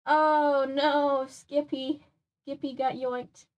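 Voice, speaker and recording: A woman's voice: sits high, level tone, extremely slow, muffled recording. A young woman streaming a casual children's book read-aloud, with chatty, joking asides. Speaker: streamer reading a kids' book.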